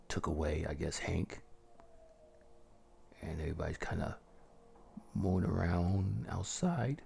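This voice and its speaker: A man telling a first-person horror story in a slow, menacing, often half-whispered gravelly voice. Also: low-pitched, darkish tone, a little hiss or hum.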